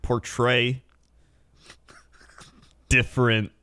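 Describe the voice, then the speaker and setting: A man's voice: medium pitch, little pitch movement, very slow, bright, forceful tone, clear, resonant tone. A man co-hosting a casual comedy podcast, easygoing and rambling, laughing often. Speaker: podcast co-host.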